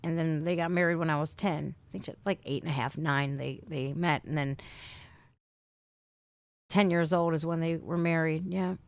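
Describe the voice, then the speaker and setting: A woman's voice: deep voice, steady tone, moderate pace, dry recording. A middle-aged woman from Northeast Ohio hosting a casual livestream, chatting with viewers and swearing freely. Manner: chatty, swears freely, says "man" and "dude". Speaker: livestream host. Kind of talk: casual livestream chat reading comments.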